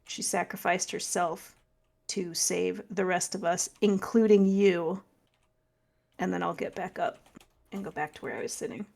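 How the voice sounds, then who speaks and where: A woman's voice: lowish voice, a little slow, creaky, darkish tone. A woman playing a tabletop game, speaking bluntly for her character. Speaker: player.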